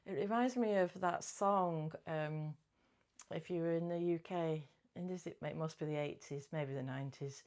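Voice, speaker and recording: Middle-aged lady chatting about her stitching, giggly, trips over words, lowish voice. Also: normal speed, a little mellow. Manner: chatty, giggly, self-correcting. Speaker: cross-stitch vlogger. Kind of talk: casual chat.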